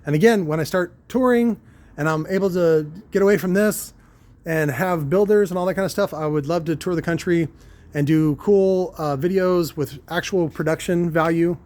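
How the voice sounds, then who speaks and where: Guy running a car audio shop, rambling crude jokes, kinda high voice, lots of um and uh. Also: normal speed, darkish tone. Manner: crude, joking, meandering with many restarts. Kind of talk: rambling casual monologue.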